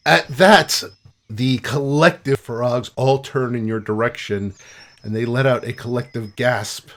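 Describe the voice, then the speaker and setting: A man's voice: mid-range voice, steady tone, unhurried, a bit bright. A man narrating a tabletop game as game master, playful and descriptive, over a remote call microphone. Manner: playful, descriptive, laughs easily.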